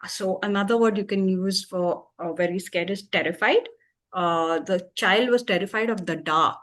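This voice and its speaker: A woman's voice: medium pitch, normal speed, a bit bright. Woman English teacher, mid-range voice, patient and explanatory, plenty of "uh"s. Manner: patient, explanatory, many fillers. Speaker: English tutor. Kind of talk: explaining vocabulary with examples.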